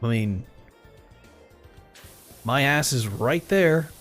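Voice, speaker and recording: A man chats casually on a live stream, acting out both sides of an exchange with frequent swearing and chuckles. His pitch swings widely as he talks, and soft music plays behind him. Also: very slow. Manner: animated retelling with quoted dialogue, swearing, chuckles. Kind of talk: casual storytelling while gaming.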